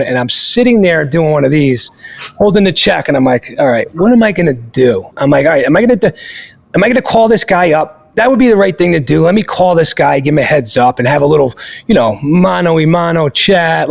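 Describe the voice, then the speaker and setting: A man hosting a podcast, telling a story in an animated, emphatic way and swearing freely. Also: a little high, creaky. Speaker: podcast host.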